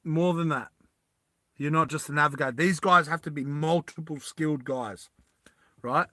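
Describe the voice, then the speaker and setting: In a fairly high voice at a moderate pace, a man animatedly pitches a movie plot to his friends, laughing and repeatedly asking "right?" The recording is studio quality with no echo.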